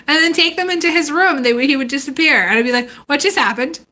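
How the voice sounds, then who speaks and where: A woman in her thirties chats casually through a live-stream story. Her voice sits high and sounds bright and forward. She laughs often and slips into little voices for the people she quotes. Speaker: tarot reader chatting on a live stream.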